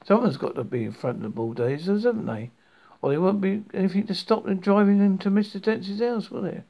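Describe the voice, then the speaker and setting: A man voicing a calm, persuasive character who patiently talks an official into a deal. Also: brisk, dull audio. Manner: patient, smoothly reasonable, slightly raised pitch.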